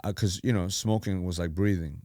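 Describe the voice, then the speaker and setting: Middle-aged man, lower voice, dry close sound, lively storyteller. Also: a little fast, no echo. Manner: animated storyteller who acts out quotes. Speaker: pastor, podcast guest. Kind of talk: telling his life story.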